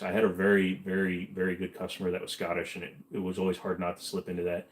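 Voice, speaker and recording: Man, fairly low voice, casual livestream host, rambling, joking, reading chat comments aloud.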